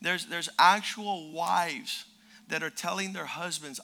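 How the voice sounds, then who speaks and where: An older man preaching a sermon as pastor, fervent and emphatic, repeating words and rising to shouted peaks. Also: a little high, takes it slowly, creaky.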